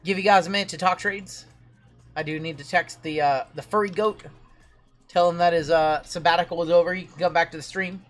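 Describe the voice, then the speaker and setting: A man hosting a live-stream card break, chatty and reading lists of names quickly. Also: on the high side, steady tone, fairly bright tone, faint music behind.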